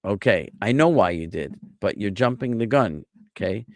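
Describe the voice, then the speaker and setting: A man's voice: lowish voice, expressive, moderate pace, no echo. A man teaching Biblical Hebrew grammar to a class, patiently drilling word forms and quizzing his students with questions.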